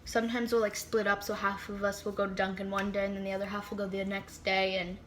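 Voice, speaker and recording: A woman's voice: medium pitch, level tone, quick pace, a little hiss or hum. A teenage girl telling a storytime vlog in casual chat, full of "like" and dramatic whispered asides. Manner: chatty, heavy use of "like", dramatic asides and whispered comments. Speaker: vlogger. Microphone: phone.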